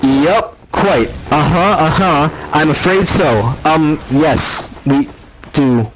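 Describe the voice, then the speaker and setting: A man's voice: on the high side, slow, a little hiss or hum, low-quality recording. Man doing a sneering, cruel pegasus pony mare. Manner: sneering and scornful.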